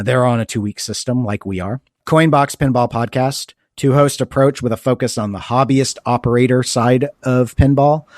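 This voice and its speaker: A man with a nasal voice co-hosts a casual podcast, his talk loose and rambling with a self-mocking edge. His pitch sits in the middle range for a man. The recording is close and dry, with no room sound. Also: dry recording. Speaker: podcast co-host.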